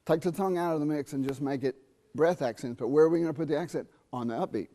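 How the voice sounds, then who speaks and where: A middle-aged man teaching jazz trumpet in a masterclass, animated, singing rhythms and checking in with students. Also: a little high. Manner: animated, sings rhythms and asks students quick questions. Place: university theatre.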